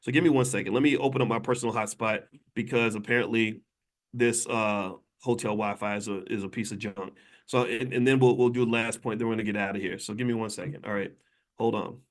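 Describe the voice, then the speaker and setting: A man's voice: lowish voice, fairly even intonation, quick pace. A man hosting a livestream from a hotel room on his phone, talking emphatically and preachily straight to his viewers. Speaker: financial commentator and channel host.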